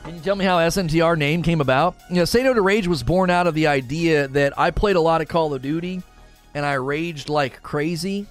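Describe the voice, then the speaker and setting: A man's voice: fairly high pitch, fairly quick. A middle-aged man streaming, chatting casually and joking, repeating his phrases, with faint music behind. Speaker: gaming streamer. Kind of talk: casual livestream chat.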